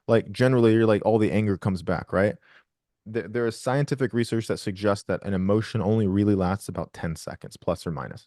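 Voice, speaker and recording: Man, coach on a group call, profane, blunt, quick, close dry sound. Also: on the low side, mellow, no echo. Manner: blunt and profane, acts out quoted voices. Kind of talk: casual coaching talk on a call.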